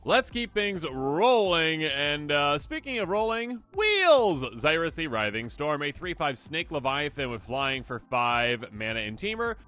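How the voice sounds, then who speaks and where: A man hosting a card game video, talking casually and excitably, slipping into quick imagined voices. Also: on the high side, faint music behind. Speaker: host.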